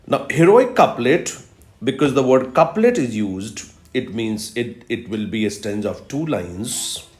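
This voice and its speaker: Slow, emphatic lecturer. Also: male voice, mid-range voice, very animated. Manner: slow, emphatic teaching with repetitions and fillers. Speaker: English literature lecturer. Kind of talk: recorded video lecture. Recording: echoey room.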